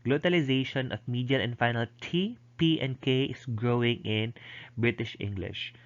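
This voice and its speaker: A man's voice: mid-range voice, normal speed. A man lecturing and explaining step by step, with frequent ums and restarts. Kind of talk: recorded lecture. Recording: dull lo-fi recording.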